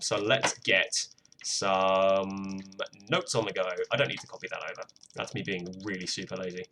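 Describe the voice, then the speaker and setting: A man's voice: fairly low pitch, background noise. A young British man chatting casually while he produces music on a live stream, self-deprecating and swearing freely. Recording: faint music behind voice.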